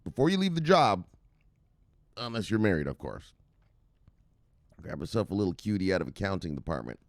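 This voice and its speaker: A man's voice: sits low, very animated, fairly quick, no echo, studio quality. A man hosting a crypto news show who rants casually and profanely, laughing and acting out scenes. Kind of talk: casual rant.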